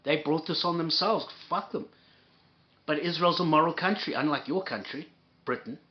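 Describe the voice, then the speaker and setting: A man's voice: on the high side, normal speed, muffled recording. A man reacting to a clip with angry, profane ranting, sarcastic and insulting, often repeating and restarting his words.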